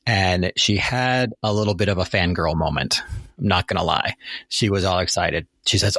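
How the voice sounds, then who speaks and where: A man's voice: low-pitched, moderate pace, a bit bright, no room sound, studio quality. A man hosting an interview podcast, speaking earnestly and chattily with some fillers. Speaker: podcast host.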